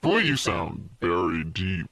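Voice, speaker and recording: A man's voice: low-pitched, sing-song, slow pace, pushed and bright. A man on a radio show laughing along playfully, with his voice partly run through a harmonizer. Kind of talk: joking studio banter.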